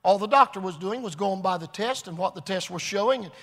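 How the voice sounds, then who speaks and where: High, bright-voiced preacher in reverberant hall. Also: male voice, fairly quick. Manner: earnest, repetitive, building to shouts. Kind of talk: revival sermon. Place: large church hall.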